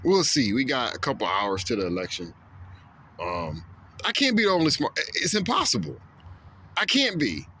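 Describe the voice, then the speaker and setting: A man's voice: mid-range voice, huge pitch swings, normal speed, sharp tone, slight background noise. A man talking straight to camera in a casual opinion monologue, repeating himself with stammered restarts and acting out quoted voices. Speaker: video blogger.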